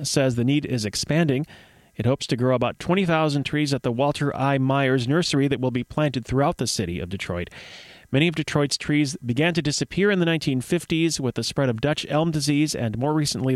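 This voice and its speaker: A man hosts a radio show from a studio microphone, talking in a chatty, wry way with little jokes tossed in. His voice sits at an ordinary middle pitch. The sound is close and dry, with no room around it. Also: no room sound. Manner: wry, chatty, joking asides. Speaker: radio host. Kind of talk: casual radio presenting.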